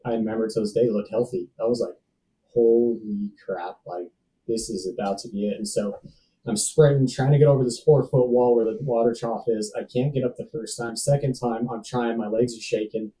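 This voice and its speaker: A man's voice: mid-range voice, fairly even intonation, a little fast, dark tone, far from the mic, poor audio. A man in his thirties telling a personal story as a podcast guest, casual and slangy, calling people dude and bro. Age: 30s. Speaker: podcast guest, safety professional.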